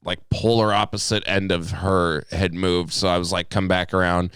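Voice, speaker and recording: A young man co-hosting a podcast, telling everyday stories as animated rants, swearing often and acting out his own outbursts. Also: low voice, normal speed, clean tone, no room sound, clean studio sound. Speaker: podcast co-host. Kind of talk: casual chat.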